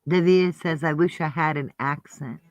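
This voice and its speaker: A woman's voice: sits low, moderate pace, no echo, rough recording. A woman with a New Jersey accent, chatting and laughing often as she co-hosts a livestream. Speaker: livestream co-host. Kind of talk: casual chat.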